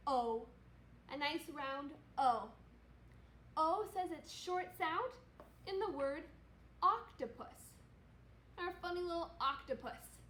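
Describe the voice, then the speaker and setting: Woman, second grade teacher, phonics lesson, encouraging, very slow pace, echoey room. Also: high voice, a bit bright. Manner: upbeat, encouraging, stretches out vowel sounds. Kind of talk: slow, repetitive phonics lesson for young children. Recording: echoey room with faint noise.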